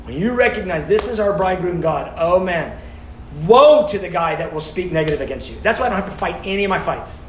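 A man teaching a sermon with passion, swinging between loud urgent pleading and hushed, intimate tones. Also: high voice, lively intonation, brisk, echoey room, slight background noise. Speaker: preacher.

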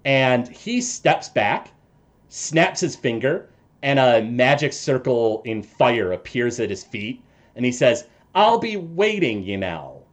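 A man narrating a tabletop game as game master in an unhurried storytelling manner. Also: mid-range voice.

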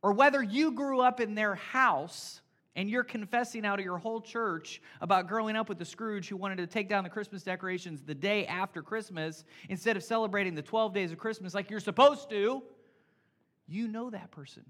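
A man preaching a casual, playful sermon as pastor, energetic and talking straight to his congregation. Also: sits high, normal speed. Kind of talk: conversational sermon.

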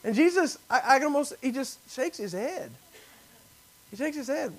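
Male pastor, high and highly expressive voice, dramatic preaching with sudden drops to a hush. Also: normal speed, rough recording. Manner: animated preaching, acting out biblical voices, rising and dropping to near whispers. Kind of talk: sermon.

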